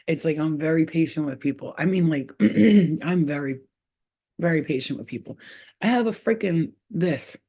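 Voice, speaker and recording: Blunt, profane woman with a mellow voice. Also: low-pitched, expressive, normal speed, husky. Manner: blunt and profane, streetwise slang, chatty; breaks off to scold her cat. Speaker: spiritual healer and livestream host. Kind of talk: casual livestream chat.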